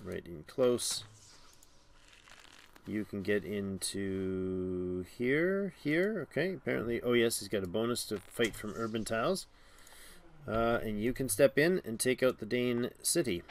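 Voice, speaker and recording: A man talking through a strategy game in a loose, chatty way, reading the game's text aloud and breaking into excited outbursts. His pitch rises and falls a lot as he reacts. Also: normal speed. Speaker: game streamer. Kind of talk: casual gameplay commentary.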